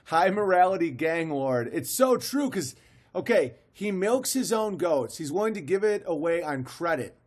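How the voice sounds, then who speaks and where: A man hosting a stream, commenting on a comedy clip in an excited, rambling, amused way. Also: high-pitched, normal speed. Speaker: stream host.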